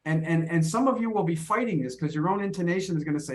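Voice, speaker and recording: A man's voice: fairly high pitch, animated, fast talker, a little hiss or hum. A man teaching an online pronunciation lesson over a video call, friendly and often repeating and restarting his words.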